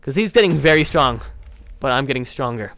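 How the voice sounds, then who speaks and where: A young man hosting a modded game, chatting excitably to viewers and slipping into playful villain role-play. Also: mid-range voice, a little fast, dry recording. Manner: excitable, keeps addressing viewers as guys. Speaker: gaming channel host.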